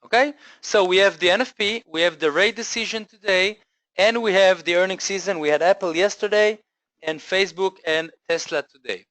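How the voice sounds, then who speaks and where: A man presenting a live online trading lesson, energetic and full of fillers and self-corrections, often checking in with listeners. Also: sits high, moderate pace, no echo.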